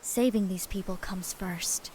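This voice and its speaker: An actress voicing a calm, selfless young female apothecary in a video game, composed and earnest. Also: mid-range voice, unhurried, a little hiss or hum, lightly acted, poor audio. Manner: composed, earnest, soft-spoken.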